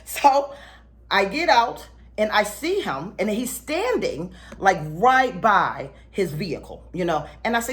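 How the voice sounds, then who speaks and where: A woman, a spiritual teacher telling a story to her viewers in a casual, animated way, laughing often and acting out the people she meets. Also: medium pitch, moderate pace.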